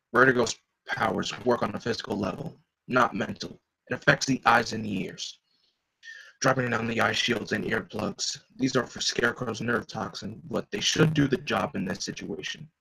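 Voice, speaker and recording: A man voicing a grim, focused adult male caped vigilante, reading a comic aloud in a low, measured inner monologue. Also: creaky, pushed and bright, breathy edge, heavily acted, rough recording. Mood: tactical.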